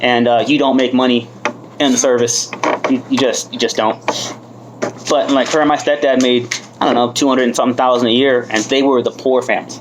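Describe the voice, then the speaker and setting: A man in his thirties shares his own story at a recovery meeting. He talks candidly and mocks himself, with plenty of swearing. His voice sits at an ordinary middle pitch for a man. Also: fairly even intonation, brisk, background noise. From United States. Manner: candid, self-mocking, swears freely. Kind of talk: personal testimony.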